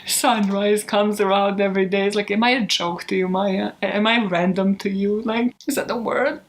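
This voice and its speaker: A woman's voice: medium pitch, steady tone, normal speed. A woman who hosts a true crime channel, chatting casually in outtakes, giggling, mocking herself and swearing freely. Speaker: true crime YouTube host.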